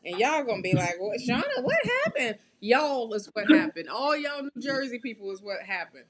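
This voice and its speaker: A woman hosting a live tarot reading, chatty and quick to laugh, often checking in with her listeners. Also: on the high side, expressive, a crowd in the background. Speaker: tarot reader and show host.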